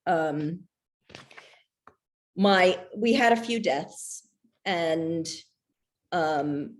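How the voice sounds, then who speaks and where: A middle-aged woman shares her own story at a book reading in an unscripted, candid way. She pauses often, restarts sentences and leans on fillers. Her talk is hesitant, and she breaks into laughter readily. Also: on the low side, big pitch swings, darkish tone. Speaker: author discussing her memoir.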